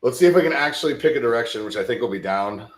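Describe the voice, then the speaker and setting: Despite being sleepy and yawning, this futures trading livestream host races along in a medium-pitched, lively voice, musing aloud casually and repeating himself often. The room is echoey.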